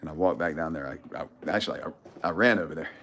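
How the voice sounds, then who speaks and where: Out in a yard, a middle-aged man hosting a giveaway livestream speaks into a phone at arm's length, spinning a swaggering, profane tale and laughing between lines. He has a very deep yet fairly bright voice and talks fast, with slight background noise.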